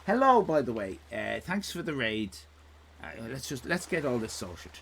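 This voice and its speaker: A man's voice: medium pitch, very animated, normal speed, gravelly, a bit bright, slight background noise. An Irish man hosting a live stream in casual chat, rambling from one tangent to the next with jokes and swearing. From Ireland. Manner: rambling, digressive, sweary, jokey.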